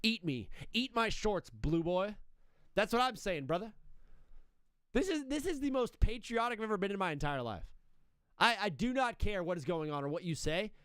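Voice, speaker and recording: A young man hosts a live sports stream in loud, brash, teasing banter, fired up and patriotic. His voice sits high and comes through smooth and resonant. The sound is dry and close on a streaming mic at home. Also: very animated, normal speed, no echo. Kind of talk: casual live-stream chat.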